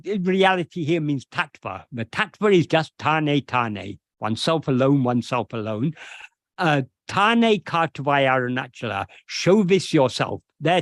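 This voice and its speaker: A man explaining a devotional verse as a spiritual teacher, slow and deliberate with frequent hesitations. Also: a little high, no room sound.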